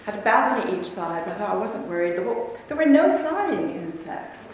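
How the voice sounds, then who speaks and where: A woman speaker tells a lively, laughing story to a conference audience. Her voice rings through a big echoey hall, picked up from a distance. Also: medium pitch, fairly quick, slight background noise. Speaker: convention speaker. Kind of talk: talk to a live audience.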